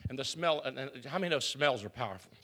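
A man's voice: mid-range voice, animated, quick pace. A middle-aged man preaching a personal, emotional sermon as pastor, talking openly to his congregation. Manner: confessional, emotional, building to loud preaching.

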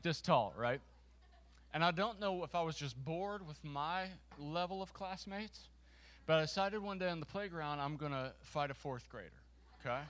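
A man with a voice on the higher side tells a story from the pulpit to his congregation. He brings a volunteer on stage and keeps poking fun at himself. His delivery is animated, full of restarts and laughter. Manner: lively and self-mocking, with quick restarts and laughter.

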